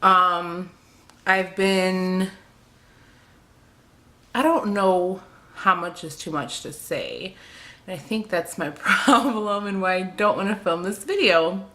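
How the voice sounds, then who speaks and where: A woman's voice: fairly low pitch, slow, pauses often, bright, forceful tone. A young woman talking in an emotional confessional vlog, hesitant and rambling, with many fillers and restarts, near tears. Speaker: beauty vlogger.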